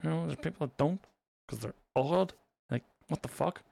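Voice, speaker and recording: A man's voice: a little high, moderate pace, creaky, warm tone, breathy edge, no room sound. Cheerful swearing Irish man. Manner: swears freely, laughs often. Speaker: guest. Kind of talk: casual podcast chat.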